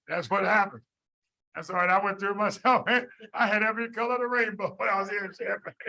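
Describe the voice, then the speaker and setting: A middle-aged man lecturing medical students in an animated, folksy, joking storytelling way. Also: high voice, vocal fry, rough recording. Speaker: medical school biochemistry lecturer.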